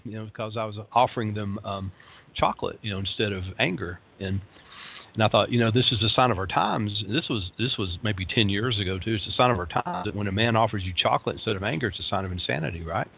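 A man's voice: fairly low pitch, quick pace. A man in his late fifties giving a rambling, casual talk on meditation and suffering, with dry humor and many fillers. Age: 50s. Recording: tinny phone-like lo-fi sound.

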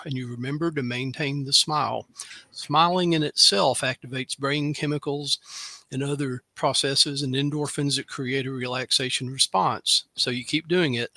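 A man from Tennessee calmly guiding a breathing practice, sighing audibly as he exhales. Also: medium pitch, unhurried, no room sound. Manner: calm, instructive, with audible sighs. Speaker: free spell segment guest. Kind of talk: guided breathing instruction.

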